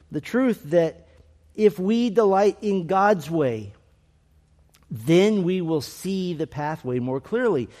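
A man preaching a sermon to his congregation, earnest and emphatic, slowing down to stress key phrases. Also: fairly high pitch, a little mellow. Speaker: pastor.

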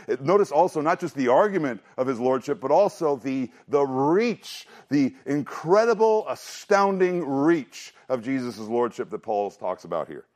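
Male pastor, mid-pitched voice, emphatic sermon delivery, fast asides and slow stressed lines. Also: darkish tone. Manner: emphatic, shifting between quick asides and slow stressed phrases; repeats and restarts phrases for emphasis. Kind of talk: expository sermon.

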